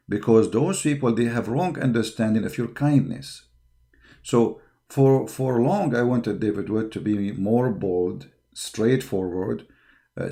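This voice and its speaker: Gravelly man ranting with combative fervor. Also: lowish voice, mellow. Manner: combative, repeats words, frequent fillers. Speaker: online apologetics show host. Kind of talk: impassioned monologue.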